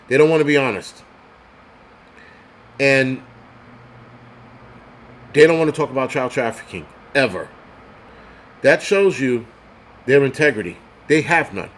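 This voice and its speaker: A man's voice: medium pitch, a little hiss or hum. A man hosting a livestream, ranting in an angry, profane, heated way and stumbling over repeated words when worked up. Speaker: host of a prepping channel. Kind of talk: livestream rant.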